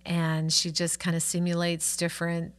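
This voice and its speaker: A woman's voice: lowish voice, monotone, normal speed. A middle-aged woman co-hosting a podcast, telling stories in a chatty, enthusiastic way. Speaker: podcast co-host. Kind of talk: casual chat.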